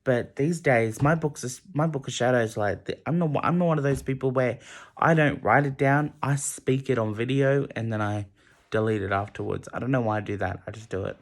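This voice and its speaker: A young man vlogging a late-night rambling monologue, emotional and halting, often restarting his sentences. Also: medium pitch. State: emotional, close to tears.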